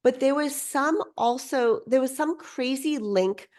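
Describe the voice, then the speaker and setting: Bubbly, excitable higher-voiced woman. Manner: bubbly, excitable, quick restarts; lively swings in pitch. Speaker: podcast guest. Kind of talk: casual storytelling.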